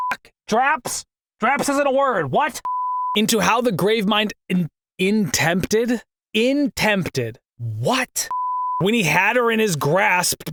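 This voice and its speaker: High-pitched, animated young man. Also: slight background noise. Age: 20s. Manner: swears often, frustrated at his own misreads. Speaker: video game critic. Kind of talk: scripted critique narration with outtakes.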